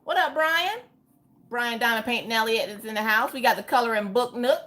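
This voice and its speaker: A woman's voice: a little high, a little fast, a bit bright. A woman hosting a casual livestream chat. She greets viewers by name with playful exclamations and chatty, joking asides. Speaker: livestream host.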